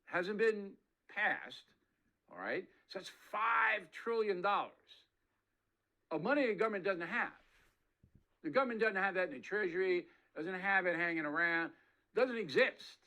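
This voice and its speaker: Male news commentator, high lively delivery, blunt and folksy, drawn-out emphasis. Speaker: political commentator in played clip.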